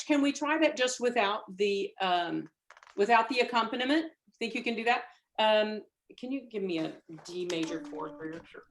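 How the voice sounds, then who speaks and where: A middle-aged woman coaching a student singer in a masterclass, encouraging and demonstrating phrases aloud over a video call. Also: a little high. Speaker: voice teacher leading a masterclass.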